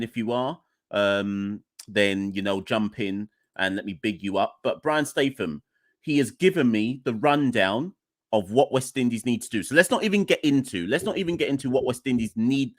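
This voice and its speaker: A man hosting a live podcast from home, chatty and rambling, low on energy and exasperated. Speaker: podcast host. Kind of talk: casual live-stream chat. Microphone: desk microphone, unplugged at first.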